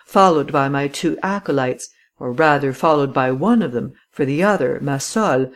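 Measured dramatic audiobook reader. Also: medium pitch. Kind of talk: scripted first-person audiobook narration.

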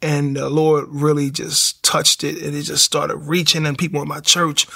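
A man tells his faith story in a casual interview. His voice is gravelly and bright and sits a little high. He acts out what people said to him. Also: moderate pace. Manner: animated storytelling, acts out quotes. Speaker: guest sharing testimony.

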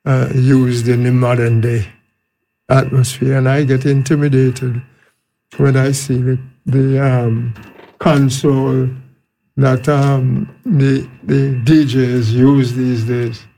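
A man who is an electrical engineer speaking as a panel guest, slowly and hesitantly with many fillers. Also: medium pitch, level tone, gravelly, warm tone, a little hiss or hum, poor audio.

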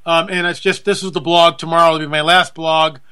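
A man's voice: fairly high pitch, little pitch movement, a little fast, pushed and bright, clean tone. A male talk show host delivering an indignant, ranting monologue, repeating himself for emphasis.

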